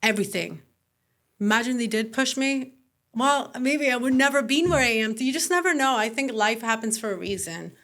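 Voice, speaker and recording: A woman's voice: fairly high pitch, normal speed. A young woman, originally Scottish but now sounding mostly American, telling stories animatedly in a casual interview with lots of "like" fillers. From Scotland. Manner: animated storyteller, frequent "like" fillers. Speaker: guest entrepreneur.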